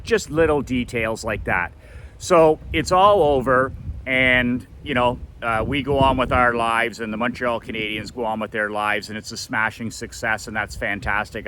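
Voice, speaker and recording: Man, bright clear voice, animated storyteller, preachy coach. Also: a little hiss or hum. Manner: animated, acts out quotes with big pitch jumps; preachy repetition of a motto. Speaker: motivational speaker and coach. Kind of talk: storytelling monologue.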